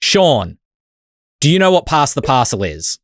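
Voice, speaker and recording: Lively Australian man hosting a podcast. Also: medium pitch, a little slow, dry recording, studio quality. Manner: laughing, rambling, lively storyteller. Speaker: podcast host. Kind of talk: casual chat.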